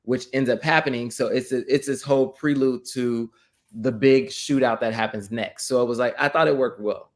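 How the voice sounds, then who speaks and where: Man, co-host, mid-pitched, steady and analytical delivery. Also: normal speed. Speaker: podcast co-host. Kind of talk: casual movie review chat.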